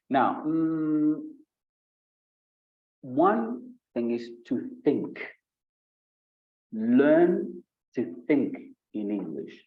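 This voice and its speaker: A man from Colombia with a Paisa accent, giving a live online IELTS speaking lesson and acting out sample answers in an animated way. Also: takes it slowly, long pauses, phone-quality sound. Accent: Colombian Spanish, Paisa. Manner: animated, acts out sample answers with shifting pitch. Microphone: video call.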